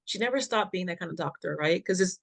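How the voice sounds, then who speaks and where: A woman's voice: fairly low pitch, animated, fast talker, gravelly. Emphatic woman telling her story. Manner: earnest, emphatic, laughs between points. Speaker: health foundation founder as guest. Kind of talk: personal storytelling in an interview.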